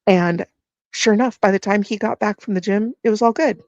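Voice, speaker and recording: A woman's voice: mid-range voice, fairly quick, dry recording, highs cut off. A middle-aged woman telling a story in casual livestream chat, acting out what people said, with frequent restarts. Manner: animated, acts out quoted dialogue with repeated restarts.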